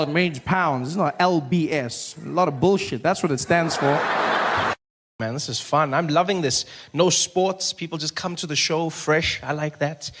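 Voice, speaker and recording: A man doing a stand-up set, animated and slipping into put-on voices for the people in his stories. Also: on the high side, slight background noise. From South Africa. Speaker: stand-up comedian.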